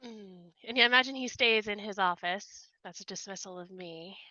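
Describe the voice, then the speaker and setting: Woman, tabletop player, measured, very bright tone, dry lo-fi mic. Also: medium pitch, no room sound. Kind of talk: playing a tabletop game.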